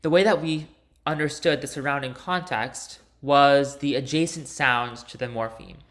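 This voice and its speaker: A man's voice: medium pitch, normal speed, fairly bright tone. A man teaching linguistics, walking through a homework solution step by step in a recorded lecture, with some fillers and restarts. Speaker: linguistics instructor.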